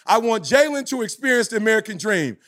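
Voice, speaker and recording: Brief: man in his 40s, high-pitched motivational speaker, podcast talk with a preaching, emphatic cadence. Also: sing-song, quick pace, fairly bright tone.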